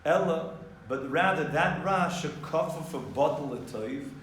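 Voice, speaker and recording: A man teaching a Torah class, explaining in a lively way and mixing in Hebrew terms. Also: fairly high pitch, slow, slight background noise. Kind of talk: informal class lecture. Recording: echoey room, distant mic, faint ambience.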